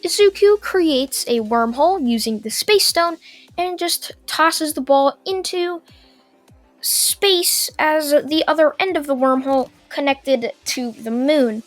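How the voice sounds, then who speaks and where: High, slow-talking young woman storyteller. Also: lively intonation, no echo, faint music behind. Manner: run-on, with filler pauses. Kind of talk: casual fan-fiction narration.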